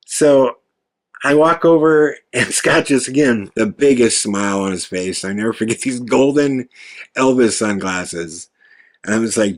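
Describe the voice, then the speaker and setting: A man hosting a podcast, telling a story in an animated, profane way and acting out quoted lines. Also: medium pitch, normal speed. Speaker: podcast host. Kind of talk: storytelling monologue.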